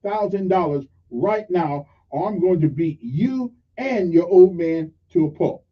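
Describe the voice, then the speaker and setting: A man voicing an enraged male driver who yells threats, on a dull lo-fi radio recording. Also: high-pitched, lively intonation, a little slow. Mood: furious. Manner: yelling threats.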